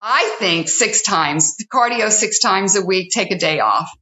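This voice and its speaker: A woman's voice: mid-range voice, lively intonation, measured pace, sharp tone. A woman who hosts a fitness TV show, talking earnestly in an interview and counting off her points one by one. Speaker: fitness TV host, guest. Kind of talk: casual interview talk. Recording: roomy, slightly dull sound.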